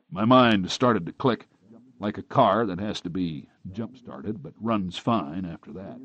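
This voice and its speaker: A man narrating a crime novel in the first person with a steady, hard-boiled delivery. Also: sits low, unhurried, dry recording. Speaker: audiobook narrator. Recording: dry, dull close-miked recording.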